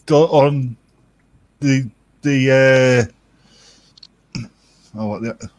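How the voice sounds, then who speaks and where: A man's voice: medium pitch, extremely slow, no room sound. A man joining a livestream as a guest reader, joking around and stumbling over his words. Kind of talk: casual chat.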